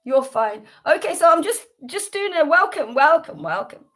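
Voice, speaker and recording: A woman's voice: very high-pitched, animated, moderate pace, a bit bright. A woman from the United Kingdom hosting a devotional class on a livestream, talking earnestly with many fillers and restarts. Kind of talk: casual devotional livestream talk.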